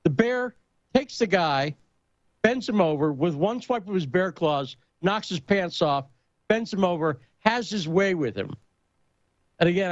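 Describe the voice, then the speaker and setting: A man in casual talk-show conversation, telling a story and joke with lively emphasis. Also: fairly high pitch, no room sound, highs cut off.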